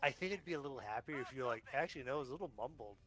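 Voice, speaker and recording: Bright-voiced joking man. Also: mid-range voice, expressive, racing. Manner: joking, swearing, self-mocking. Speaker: podcast co-host. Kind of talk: casual gaming chat.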